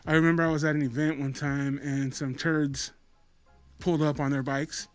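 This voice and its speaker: A man co-hosting a podcast in relaxed, joking casual chat, calling people bro. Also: fairly high pitch, normal speed, clean tone, no room sound, soft background music. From US West Coast. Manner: laid-back, joking, says bro a lot. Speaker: podcast co-host.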